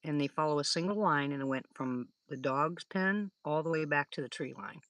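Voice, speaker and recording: An older livestream host speaks at a normal speed in a low, slightly bright voice with no echo. She meanders through stories while chatting with viewers, laughing often.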